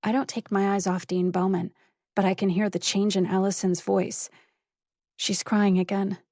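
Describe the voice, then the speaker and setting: A woman's voice: medium pitch, flat delivery, moderate pace, darkish tone, no echo. A woman narrating a first-person psychological thriller audiobook with intense, building fury.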